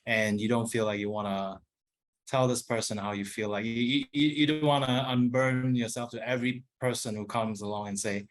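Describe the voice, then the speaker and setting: A man's voice: medium pitch, fairly even intonation, fairly quick. A man hesitantly asks a question at a dharma Q&A, full of fillers and restarts. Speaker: student asking a question.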